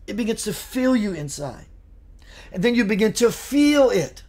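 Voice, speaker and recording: A man hosting a live spiritual show, speaking in a gentle, earnest and meditative way and answering viewer comments. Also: high-pitched, very animated, moderate pace.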